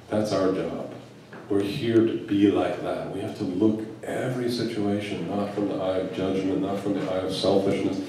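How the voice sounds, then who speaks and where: A man's voice: lowish voice, dark tone, a little hiss or hum. A man giving a spiritual talk to a live gathering, telling a story with musing asides and chuckles. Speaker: Sufi teacher. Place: large hall at a spiritual retreat. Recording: echoey hall recorded from a distance.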